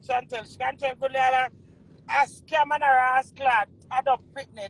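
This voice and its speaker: Jamaican lady going off, swearing nonstop, sharp tense voice, raspy. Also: high voice, moderate pace, poor audio. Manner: heated, profane, repetitive cursing. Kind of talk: angry ranting monologue.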